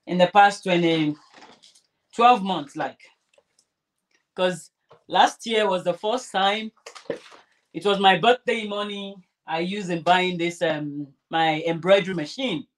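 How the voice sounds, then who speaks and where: A woman's voice: fairly low pitch, takes it slowly, long pauses. Chatty woman crafting and chatting. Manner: chatty, rambling, restarts sentences. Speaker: crafter vlogger. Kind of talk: casual chat while sewing.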